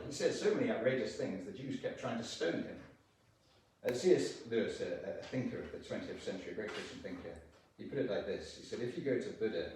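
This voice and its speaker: A man giving an earnest lunchtime sermon in a church, slowing down to stress quoted lines. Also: fairly low pitch, lively intonation, darkish tone, recorded from a distance. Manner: earnest, with slow emphatic quotations and pauses. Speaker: preacher. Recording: very echoey church from off-mic.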